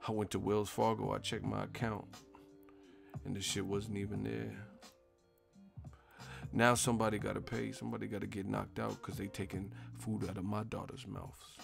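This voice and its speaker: A man's voice: fairly low pitch, flat delivery, moderate pace, gravelly, music in the background. A man mimicking a whiny, aggrieved boxer. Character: exasperated heavyweight boxer complaining about missing money.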